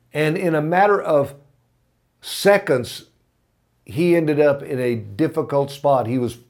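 A man's voice: medium pitch, a little mellow. A man preaching a sermon, telling a story with earnest feeling and rising to impassioned emphasis. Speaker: pastor.

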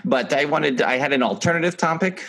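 A man's voice: a little high, fairly quick, fairly bright tone. A man co-hosting a podcast, playful and laughing as he quizzes his co-host. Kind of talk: casual chat.

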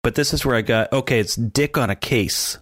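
A man co-hosting a podcast in casual chat, animated and mimicking sounds as he describes scenes. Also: mid-range voice, a little fast, dry recording, studio quality. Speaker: podcast co-host.

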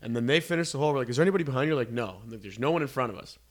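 A man's voice: medium pitch, lively intonation, racing. Profane, rambling man. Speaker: podcast co-host. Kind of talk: casual chat, storytelling.

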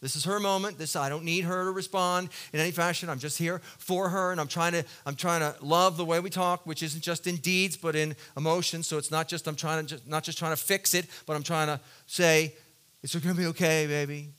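A man preaching a sermon as a pastor, telling a personal story in an earnest, confessional way and swinging between loud emphatic bursts and soft low passages. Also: steady tone, brisk, hardly any pauses.

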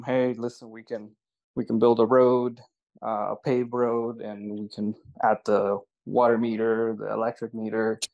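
A man's voice: mid-range voice, a little mellow, dull audio. Rambling man telling a land deal story. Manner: rambling, restarts often. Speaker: land investor. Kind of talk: casual storytelling on a call.

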